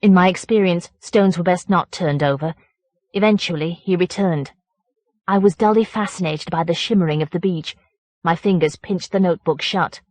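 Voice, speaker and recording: Measured woman reading a horror story. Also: lowish voice, darkish tone, no room sound. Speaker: audiobook narrator.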